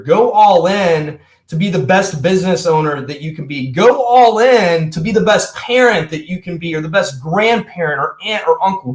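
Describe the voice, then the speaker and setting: Young guy pumping up his viewers, kinda high voice, echoey room. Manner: energetic, emphatic, addresses viewers as guys. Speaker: motivational coach. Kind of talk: motivational talk to camera.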